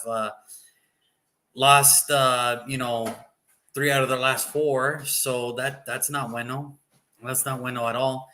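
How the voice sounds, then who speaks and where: Bright-voiced man hosting casual sports chat. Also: mid-range voice. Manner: chatty, teasing, repeats phrases. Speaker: sports show host.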